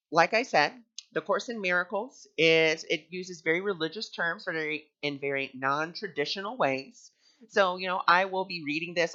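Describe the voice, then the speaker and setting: Male spiritual host, chatty and bright-toned, muffled lo-fi recording. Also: fairly high pitch. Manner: chatty, with frequent fillers. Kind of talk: casual spiritual talk with personal story. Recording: dull lo-fi recording.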